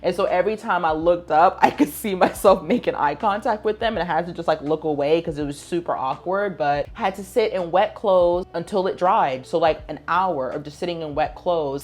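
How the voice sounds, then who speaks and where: A young adult woman vlogging at home, casually telling a story to camera and acting out the dialogue of the people in it. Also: sits low. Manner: animated, acts out dialogue of people in her story. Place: at home in her apartment.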